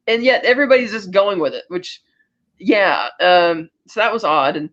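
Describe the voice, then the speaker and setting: A woman's voice: mid-range voice, brisk, fairly bright tone. A woman on a podcast walks through a spy movie scene by scene in a loose, chatty way, dropping in quoted lines. Her voice sits mid-range for a woman. The sound is a little dull and lo-fi. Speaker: podcast co-host. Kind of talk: casual podcast movie recap.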